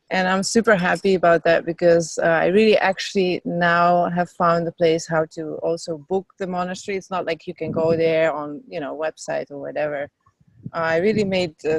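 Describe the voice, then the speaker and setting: A woman's voice: lowish voice, a little mellow, dry recording, low-quality recording. A woman spiritual teacher talking enthusiastically about her tours and workshops in a casual interview, with lots of fillers, outdoors in the wind. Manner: enthusiastic, chatty, with many fillers. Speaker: spiritual teacher and tour leader, guest.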